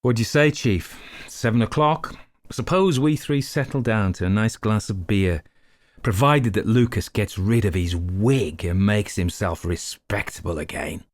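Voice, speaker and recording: A man's voice: on the low side, unhurried, no room sound, lightly acted. A man putting on a wry, American-tinged police inspector. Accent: somewhat American. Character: weary middle-aged male police inspector, gruff.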